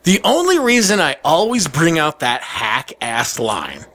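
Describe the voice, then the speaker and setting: A man telling a story in casual chat, animated and profane, acting out the people he quotes. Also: fairly high pitch, a little slow.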